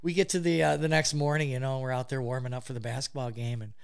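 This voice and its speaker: A man telling a funny story in casual chat, animated and laughing often as he goes. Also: medium pitch, fast, gravelly, clear, resonant tone.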